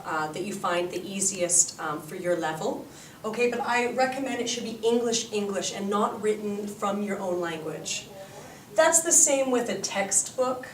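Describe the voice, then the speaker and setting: A woman with a Canadian accent, an English teacher giving encouraging advice to students and demonstrating sentences. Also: mid-range voice. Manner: encouraging, demonstrates sentences slowly then fast. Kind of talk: orientation talk to students. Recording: roomy echo, far from mic, faint noise.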